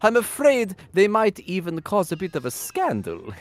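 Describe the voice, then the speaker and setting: A man's voice: high-pitched, huge pitch swings, normal speed. A man voicing a genteel, gossipy middle-aged nobleman who loves art, in a live voice-over of game dialogue.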